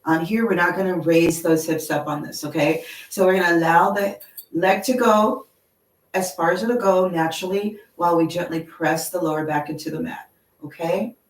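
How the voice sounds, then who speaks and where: Woman, yoga instructor, gentle encouraging guidance, low voice, distant echoey room. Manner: slow, gentle and encouraging, with frequent "okay?". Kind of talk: guided yoga class instruction. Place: yoga studio.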